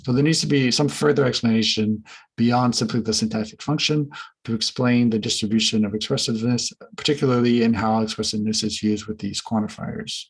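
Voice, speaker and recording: Husky-voiced man giving an academic talk. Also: medium pitch, steady tone, low-quality recording. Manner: measured, with frequent fillers and restarts. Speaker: linguistics researcher presenting.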